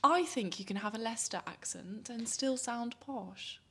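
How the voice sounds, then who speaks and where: A woman's voice: fairly high pitch, normal speed, gravelly, sharp tone, slight background noise. A young woman from South Africa co-hosting a podcast in casual, rambling chat with frequent laughs. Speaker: podcast co-host. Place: studio.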